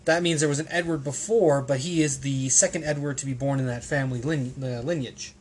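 A man's voice: medium pitch, fairly even intonation, fairly quick, slight background noise. A man hosting a casual podcast, rambling and hesitant, with plenty of restarts and ums. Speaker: podcast host.

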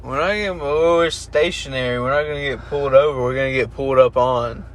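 A man co-hosting a podcast in casual chat from a parked car, with dry, profane, deadpan reactions. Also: mid-range voice, fast talker. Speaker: podcast co-host.

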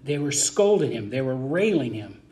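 A man preaching a verse-by-verse sermon as a pastor, talking in an animated, colloquial and emphatic way. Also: medium pitch, moderate pace.

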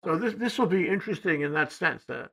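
Gravelly, bright-toned older man, rambling. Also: high-pitched, expressive, fast talker. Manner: rambling, hesitant, trails off quietly. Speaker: co-host. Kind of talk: casual political discussion.

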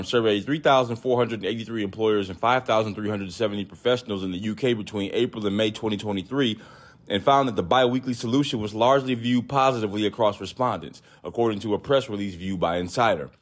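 A man hosting a podcast, telling a story in a casual, profane, animated way, acting out other people's voices. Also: lowish voice, fairly quick. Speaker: podcast host.

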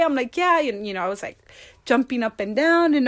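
A married woman telling a personal story as an interview guest, acting out quoted dialogue with animated voices. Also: sits high, fairly quick, no echo, studio quality. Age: adult, married.

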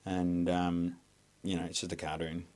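Low-voiced Australian man, rambling and swearing. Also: completely flat delivery, unhurried, darkish tone. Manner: rambling, frequent swearing, heavy hesitation. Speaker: army veteran guest. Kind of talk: candid podcast interview.

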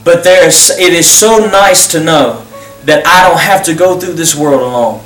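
A man's voice: a little high, unhurried, fairly bright tone, faint music behind. A man who pastors and hosts the program, giving a fervent, repetitive closing altar call and leading a prayer. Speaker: pastor and host. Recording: roomy sound, distant mic.

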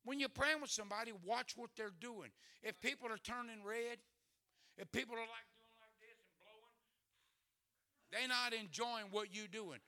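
A man preaches as a visiting guest, folksy and full of jokes. His voice sits high and sounds very bright and sharp, and he punches some lines out loud. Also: normal speed. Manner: folksy, joking, loud bursts. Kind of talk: humorous sermon.

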